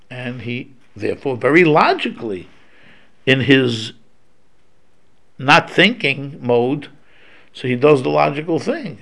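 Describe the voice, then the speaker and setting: A man's voice: mid-range voice, sing-song, slow, gravelly, long pauses, fairly bright tone. A man giving an informal religious lecture, talking in a loose conversational way with many restarts and Hebrew terms mixed in. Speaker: Torah teacher.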